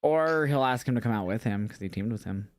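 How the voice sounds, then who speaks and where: A man chatting casually as a podcast co-host, telling wrestling stories with lots of energy and frequent swearing. He slips into quoted voices as he goes. His voice sits at an ordinary middle pitch, recorded dry and close. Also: a little fast, no room sound. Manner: animated storytelling, swears often, acts out quotes. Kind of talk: casual chat recapping wrestling shows.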